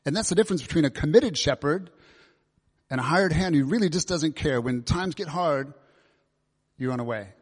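A man gives a sermon in a relaxed, conversational manner. He leans on questions to the congregation, and his voice carries a long reverb from the large hall around him. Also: on the high side, normal speed, pauses often, breathy edge. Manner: conversational, asks many questions. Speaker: preacher.

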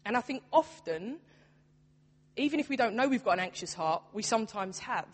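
A woman's voice: on the high side, animated, moderate pace. A young adult woman, a church youth worker, preaching a sermon in an earnest, conversational way. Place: church hall. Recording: long hall reverb.

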